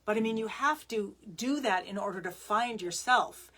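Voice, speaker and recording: A woman's voice: medium pitch, normal speed, a bit bright. A woman musician chatting to the camera, telling a story with lots of fillers and restarts.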